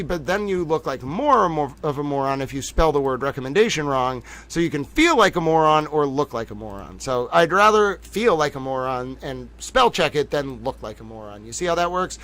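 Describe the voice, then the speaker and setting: A man's voice: mid-range voice, fairly bright tone. A man hosting a live-streamed news show in a casual, playful, self-mocking way, giggling and talking to his chat. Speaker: livestream news host.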